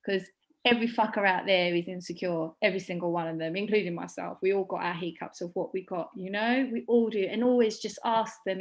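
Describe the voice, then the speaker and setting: A woman, a makeup artist, talking casually in an interview, blunt and animated, swearing freely and acting out quotes as she tells stories. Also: medium pitch, fairly quick.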